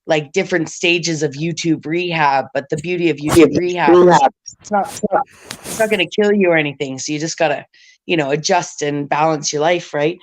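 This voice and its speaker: A talkative woman hosts a casual online panel, her voice slightly low and raspy from heavy smoking. She rambles warmly, circling back and restarting her thoughts, and speaks over a remote stream call. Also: fairly even intonation, normal speed. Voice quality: raspy smoker's voice. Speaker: stream host.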